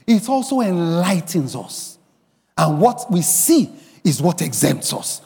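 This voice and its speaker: A man preaching a sermon as pastor, emphatic, rising to shouts and bursts of song. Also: high voice, sing-song, takes it slowly, long reverb tail. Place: church.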